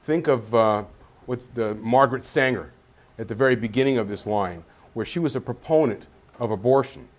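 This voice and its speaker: A man's voice: medium pitch, moderate pace. A man speaking as a guest on a political panel, earnest and repeating words as he searches for them.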